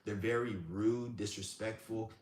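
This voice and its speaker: A man with a somewhat low voice rants through stories in a blunt, profane and animated way. His voice carries a noticeable room echo, with a faint hum in the background. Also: unhurried. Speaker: live-stream host. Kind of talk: ranting storytelling.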